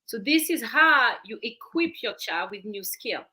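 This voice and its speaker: Bright-voiced woman with a French accent. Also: a little high, lively intonation, measured pace. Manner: earnest, explanatory, repeats words when searching. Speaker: parenting coach guest. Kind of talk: talk show interview.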